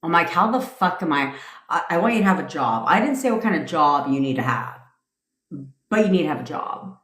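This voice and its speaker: Profane, blunt woman ranting, lively pitch. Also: fairly quick, roomy sound. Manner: blunt, profane, laughs often. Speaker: manifestation coach on a livestream. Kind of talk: casual livestream rant.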